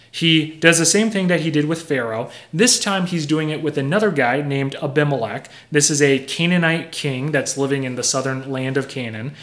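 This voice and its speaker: A man's voice: on the high side, a bit bright. A young man preaching a sermon in a conversational, earnest way, explaining with everyday examples. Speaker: pastor.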